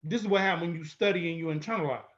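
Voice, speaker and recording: Man, higher-pitched, bold and confrontational instructor; dull lo-fi recording. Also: rapid-fire, a bit bright. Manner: emphatic, repetitive, bold and confrontational. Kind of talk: lecture-style video walkthrough.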